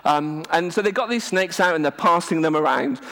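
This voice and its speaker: A man's voice: on the high side, a little fast. A man in his thirties or forties, preaching a sermon and telling stories with humour and self-deprecating asides. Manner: lively, humorous, self-deprecating storytelling. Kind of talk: sermon with storytelling. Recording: long reverb of a large hall.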